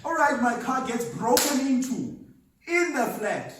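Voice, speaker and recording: Animated man telling his story. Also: very high voice, unhurried, noisy background. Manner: storytelling, emphatic, laughs at himself. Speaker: motivational speaker. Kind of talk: seminar talk. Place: seminar venue. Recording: echoey hall from far off.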